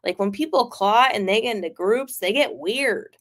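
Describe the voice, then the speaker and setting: A woman's voice: medium pitch, moderate pace. Rambling woman telling a story on stream. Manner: rambling, filler-heavy, profane, animated. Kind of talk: casual livestream storytelling.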